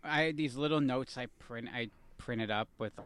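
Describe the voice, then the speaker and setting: A man's voice: medium pitch, moderate pace, a bit bright. A man in his thirties co-hosting a casual podcast, telling rambling, self-mocking family stories. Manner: rambling storyteller, self-deprecating. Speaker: podcast co-host. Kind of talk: casual chat.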